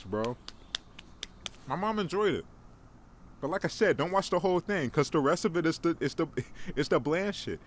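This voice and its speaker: With a fairly high pitch and a very animated delivery, a young man hosts a casual solo podcast at normal speed, leaving long pauses. He rambles, jokes about himself and frequently restarts. Faint background noise is present.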